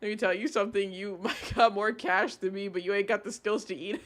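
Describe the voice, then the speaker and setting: Guy streamer reading chat, bright voice, keeps getting exasperated and cussing. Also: sits high, brisk, hardly any pauses. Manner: animated, exasperated, swears often.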